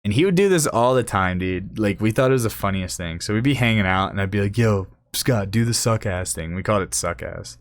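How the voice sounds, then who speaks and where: A man's voice: fairly low pitch, lively intonation, quick pace, few pauses, no echo, studio quality. Profane young man rambling a story. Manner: profane, rambling, laughs at his own stories. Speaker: podcast host. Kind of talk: casual storytelling.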